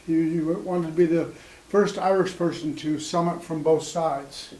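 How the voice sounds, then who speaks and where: A man in his sixties telling personal stories to a small audience, in a halting, conversational way full of ums and restarts. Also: a little high, steady tone, a little mellow. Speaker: storyteller at an open mic. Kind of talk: spoken storytelling to a small audience. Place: small cafe gathering room. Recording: echoey room with faint ambience.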